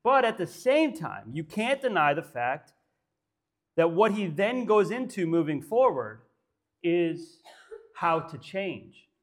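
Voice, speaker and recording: A man's voice: high voice, very animated, slow pace. A man preaching a sermon in church, emphatic and full of rhetorical questions. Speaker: pastor.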